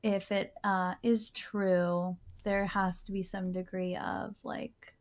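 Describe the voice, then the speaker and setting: A woman co-hosting a casual podcast, hesitant and thinking aloud with pauses and ums. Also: mid-range voice, little pitch movement. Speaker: podcast co-host. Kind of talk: casual chat.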